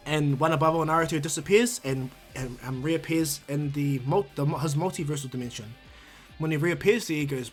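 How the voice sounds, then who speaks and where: A man's voice: a little high, fairly even intonation, fairly quick, soft background music. A man casually narrating a fan-made anime story for his channel, rambling, restarting words and adding "you know". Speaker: YouTube storyteller.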